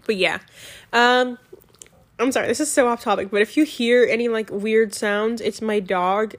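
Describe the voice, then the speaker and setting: A woman's voice: fairly high pitch, moderate pace. Chatty young woman rambling about books. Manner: rambling, many "like" fillers, excitable. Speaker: book reviewer. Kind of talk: casual book review chat. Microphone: home mic.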